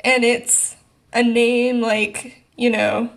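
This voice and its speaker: A woman's voice: on the high side, level tone, extremely slow, creaky. A woman in a book club discussion, telling a meandering story with frequent laughter. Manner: rambling storyteller, laughs often.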